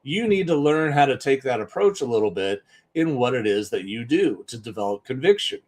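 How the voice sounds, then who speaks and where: A man's voice: medium pitch, sing-song, fairly quick, a little mellow. A man giving an emphatic, conversational live-stream talk as a business coach, often repeating points for stress.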